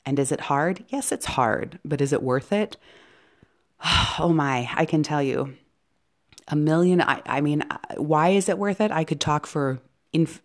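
A woman hosting an inspirational podcast, talking in an encouraging way and often dropping into soft, whispery asides. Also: sits low. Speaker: podcast host and psychic medium.

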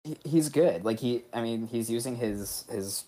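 A man's voice: medium pitch, moderate pace, mellow. Man rambling in casual TV chat. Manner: rambling, full of "like" fillers, laughs often. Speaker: podcast co-host.

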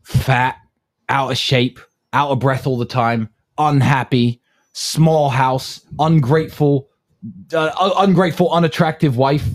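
Brief: scornful male co-host, higher pitch, big swings in intonation. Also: a little mellow. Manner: scornful, slow and emphatic. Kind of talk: live-stream talk.

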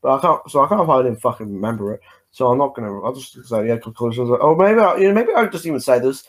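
A man's voice: mid-range voice, animated, fast. An Australian man in a casual online voice-chat debate who rambles and swears in nearly every sentence.

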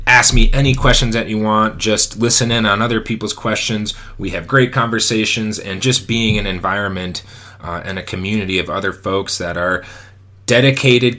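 A health coach giving casual advice, pausing often with fillers and restarting phrases. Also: male voice, lowish voice, sharp tone. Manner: hesitant, many fillers and restarts.

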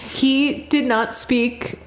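A woman's voice: high-pitched, fairly even intonation, extremely slow, reverberant. A woman co-hosting a podcast, telling a story in casual chat, chatty and giggly with lots of fillers. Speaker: podcast co-host.

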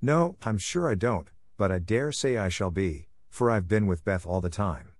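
A man's voice: lowish voice, animated, normal speed, no room sound, clean studio sound. Guy doing a pouty little girl, injured tone, storybook reading. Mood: sulky. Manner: injured, sulky. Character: pouty, spoiled young girl.

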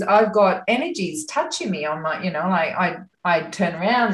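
A woman, an interview guest, telling a personal story in a chatty, animated way and laughing often. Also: medium pitch, normal speed, few pauses, echoey room, rough recording. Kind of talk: casual storytelling.

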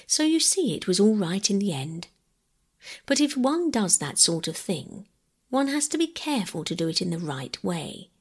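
Breathy woman reading a sleep story, gentle, half whispered. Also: mid-range voice, very animated. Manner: gentle, measured, partly whispered. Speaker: narrator. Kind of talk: soft bedtime audiobook narration.

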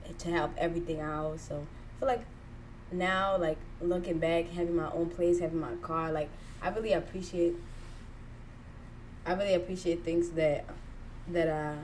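A woman's voice: lowish voice, fairly even intonation, moderate pace, a little mellow, slight background noise, rough recording. A woman in her twenties from Kenya, talking candidly as a podcast co-host, rambling with many fillers. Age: 20s. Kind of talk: casual chat.

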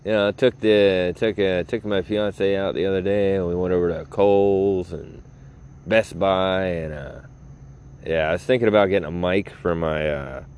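A man's voice: low voice, fairly even intonation, moderate pace, a little mellow, smooth. A man hosting his own podcast, rambling casually, mocking himself and laughing at his own jokes, recorded on a phone. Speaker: podcast host.

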